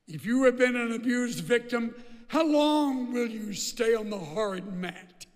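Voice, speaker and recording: A man's voice: very high-pitched, lively intonation, unhurried, big-room sound. A man preaching a sermon as pastor, emphatic and repeating phrases for stress.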